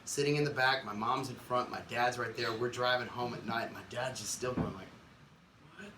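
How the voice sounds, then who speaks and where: A man tells a story on a venue stage in an animated, profane way and acts out the people in it. He has a mid-pitched voice. It carries through a roomy hall and is picked up from a distance over clear background noise. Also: a little fast. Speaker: musician telling a story on stage. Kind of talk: live storytelling. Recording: echoey live room from far off, noisy.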